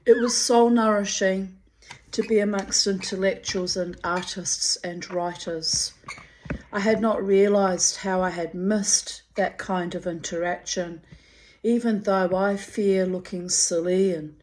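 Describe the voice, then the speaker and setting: A woman's voice: medium pitch, fairly even intonation, darkish tone, slight background noise, rough recording. A middle-aged woman, candidly chatting and reading her own diary aloud, in a rambling way. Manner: slow, candid, rambling, talks to her pet bird. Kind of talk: casual chat and diary reading.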